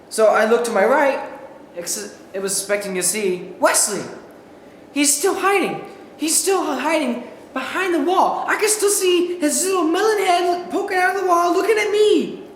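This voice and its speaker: A student, a young man, gives an animated comic monologue from memory, shouting as he acts out quotes. He's very high-pitched and talks at normal speed, in a school hall with echo and faint background noise.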